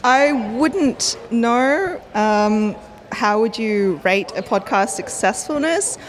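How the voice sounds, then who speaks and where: A woman's voice: a little high, animated, takes it slowly, a little hiss or hum. An Australian woman co-hosting a live podcast panel, with a dry, teasing manner. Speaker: podcast co-host. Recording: live show at a pen expo, audience.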